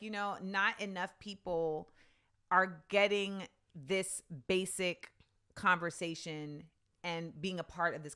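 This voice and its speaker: A woman from the United States hosting a casual podcast interview, emphatic and quick to laugh, asking pointed follow-up questions. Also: fairly low pitch, fairly bright tone. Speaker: podcast host.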